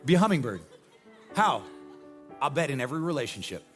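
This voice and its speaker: A man in his forties preaching a sermon as pastor, energetic and emphatic with repeated refrains. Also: medium pitch, a little fast, soft background music, some chatter behind. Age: 40s.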